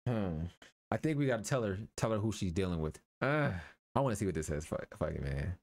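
A man's voice: low voice, sing-song, brisk, dry recording. A young man casually commentating a game, reading its text aloud and adding loose, slangy jokes with some swearing. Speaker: gaming YouTuber.

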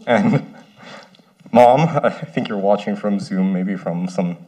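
A young man in his twenties from the San Francisco Bay Area, giving an earnest, emotional ceremony speech with some halting pauses. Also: lowish voice, dark tone. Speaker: first-year medical student. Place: ceremony stage.

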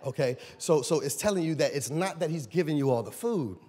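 Male pastor, high husky voice, preaching in a church with long reverb; loud shouted points, then hushed asides. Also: expressive, brisk. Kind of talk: sermon. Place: church sanctuary.

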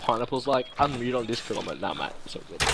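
A man's voice: mid-range voice, sing-song, normal speed, creaky. Laid-back man on noisy voice chat. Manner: laid-back, chatty, hesitant fillers. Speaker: fellow player. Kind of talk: casual game voice chat.

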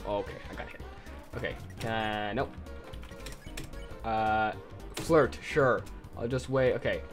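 Man, gameplay commentator, middle pitch, rambling self-deprecating chatter, faint game music behind. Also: fairly bright tone. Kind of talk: casual let's-play commentary.

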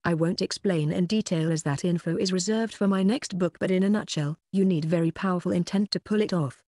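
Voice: mid-range voice, a little fast, mellow, dry recording, close to an everyday voice. An audiobook narrator voicing a cocky young male wizard student, dry and wry.

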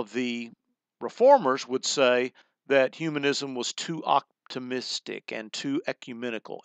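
A man's voice: mid-range voice, a bit bright, clean tone, dry recording. A middle-aged man giving a recorded college humanities lecture in a conversational way, explaining terms as he goes and often restarting his phrases.

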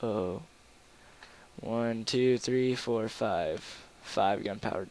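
A young man commentating a video game in a casual, rambling, goofy way, with sudden loud outbursts. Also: on the low side, very slow. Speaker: gameplay commentator.

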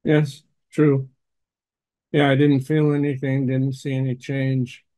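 A man speaks very slowly as an interview guest, with a medium pitch. He laughs easily between his remarks. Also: level tone, dark tone, no room sound. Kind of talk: storytelling interview.

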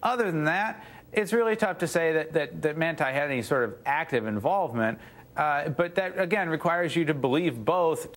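Man as interview guest, somewhat high pitch, hedging, restarts. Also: moderate pace, a bit bright. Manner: hedging, many restarts and "you know". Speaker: news site editor, guest. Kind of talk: TV news interview.

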